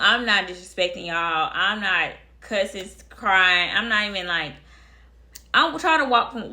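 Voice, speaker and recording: Bright, blunt woman telling a story. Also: medium pitch. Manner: emphatic, blunt, repeats phrases for effect; addresses viewers directly. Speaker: storytime vlogger. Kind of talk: casual storytelling to camera.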